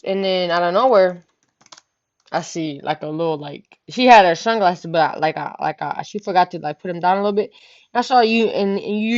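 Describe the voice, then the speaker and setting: A young woman vlogger casually telling a story, slangy and full of "you know what I'm saying". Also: mid-range voice. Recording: dull lo-fi home recording.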